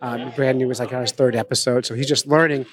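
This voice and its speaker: A man's voice: mid-range voice, steady tone, quick pace. A man hosting a casual podcast chat at a conference table, joking and teasing himself. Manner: joking, self-deprecating. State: nervous. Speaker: podcast host.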